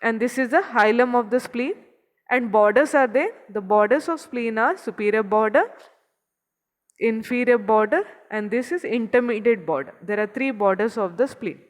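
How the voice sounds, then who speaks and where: A woman with a fairly high voice teaches anatomy, walking through a diagram and repeating each key term. Her voice rings out in a long, echoing hall. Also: moderate pace. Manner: explains step by step, points at a figure, repeats key terms. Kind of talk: recorded anatomy lecture.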